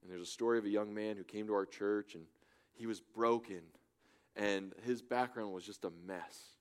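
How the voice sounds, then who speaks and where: A man preaching a sermon as a church pastor, swinging between loud urgent appeals and hushed, soft pleas. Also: lowish voice, steady tone, normal speed, clean tone. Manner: impassioned, swings from loud urging to hushed softness. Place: church in Germany.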